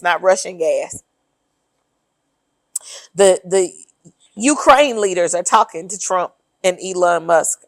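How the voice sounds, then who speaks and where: A woman's voice: mid-range voice, no echo. A woman co-hosting a casual political chat, emphatic and sardonic as she lays out her points one by one. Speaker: podcast co-host.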